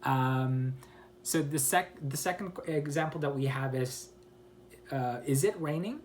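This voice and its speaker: A man giving an online English pronunciation lesson, explaining slowly with pauses and self-corrections and acting out example questions with exaggerated rising and falling pitch. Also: a little hiss or hum. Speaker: English teacher.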